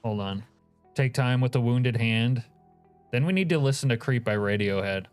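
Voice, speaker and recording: A man's voice: medium pitch, moderate pace, clear, resonant tone, faint music behind. A man streaming a game, chatting casually and joking as he reacts to his chat.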